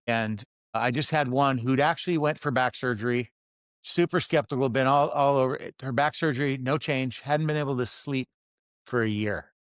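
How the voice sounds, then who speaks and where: A man's voice: medium pitch, no room sound, clean studio sound. A man hosting an interview with a fellow chiropractor, upbeat and prompting with casual questions. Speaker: chiropractor host. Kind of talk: interview chat.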